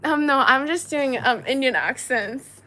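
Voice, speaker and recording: Reading out messages from viewers, a Chinese woman hosting a casual livestream sounds chatty and giggly, peppering her speech with fillers. Her voice is high, animated, pushed and bright, yet her pace stays unhurried.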